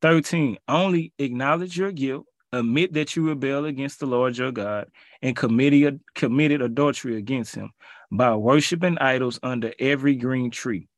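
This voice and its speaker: A man's voice: mid-range voice, moderate pace, dry recording. Pleading preacher man, dry close sound. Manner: pleading, rising to emphatic peaks; informal, colloquial asides. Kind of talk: bible reading and preaching.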